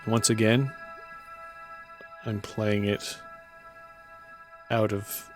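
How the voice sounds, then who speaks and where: A man explaining his music production in a relaxed, casual way, thinking aloud with fillers and self-corrections. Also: fairly low pitch, extremely slow. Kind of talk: casual screen walkthrough. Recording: music playing underneath.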